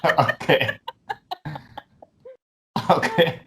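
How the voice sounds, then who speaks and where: A man in his twenties with a German accent, a musician guest in a casual interview, relaxed and joking with soft chuckles. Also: drawn-out words. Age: 20s.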